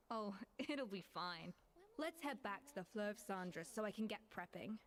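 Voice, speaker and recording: An actress voicing a confident female chef who speaks in a calm, easygoing way. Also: medium pitch, unhurried, natural voice. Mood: reassuring.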